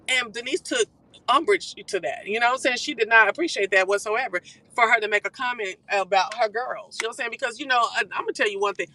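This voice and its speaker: Live streamer gossiping from the car, bright punchy voice, quick and salty. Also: mid-range voice, poor audio. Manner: animated, profane, quick-talking. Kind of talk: casual gossip recap. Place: car while driving.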